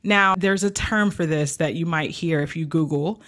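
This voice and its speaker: Lower-pitched woman vocal coach teaching. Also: normal speed, a bit bright. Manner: clear, encouraging step-by-step instruction, counting exercises aloud. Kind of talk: instructional video lesson.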